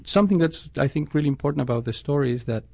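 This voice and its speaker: A scientist answers interview questions thoughtfully, frequently restarting his sentences and correcting himself. His voice is on the high side, expressive and creaky with a dark tone, delivered rapid-fire, with no room sound.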